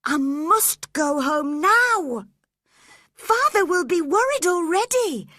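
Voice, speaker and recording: A woman voicing a gentle but spirited young woman who speaks softly and coaxingly. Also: very high-pitched, animated, slow, dry recording, clean studio sound, voice pushed up, heavily acted. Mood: firm. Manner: soft and coaxing, firm when defiant.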